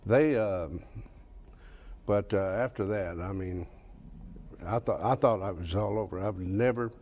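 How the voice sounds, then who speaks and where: A man's voice: low-pitched, a little slow, darkish tone, highs cut off, slight background noise. A man in his fifties with a Southern US accent, a country singer telling folksy stories in a TV interview and laughing through them. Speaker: guest, country singer and author. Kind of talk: casual storytelling in a TV interview.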